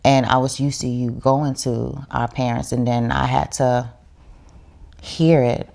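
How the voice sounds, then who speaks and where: A woman's voice: a bass voice, fairly even intonation, measured pace, gravelly, a little mellow. A woman, a podcast guest, telling her story in casual chat in a heartfelt, reflective way.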